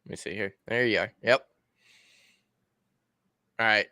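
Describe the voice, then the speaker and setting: A man guests on a livestream and walks viewers through his screen step by step in a casual, talky way. His voice is bright and forward, with a clean, crisp tone. The sound is dry and close, with no room around it. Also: on the low side, steady tone, unhurried, no room sound. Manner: explains step by step while sharing his screen. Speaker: guest co-host.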